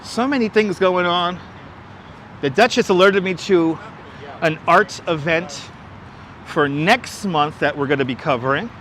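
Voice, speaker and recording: Strolling city streets on a casual livestream, this host speaks in a high, slightly bright voice, a little slow and with long pauses. Through his wireless clip-on mic he chats eagerly, greeting viewers by name and reading comments aloud, over slight background noise.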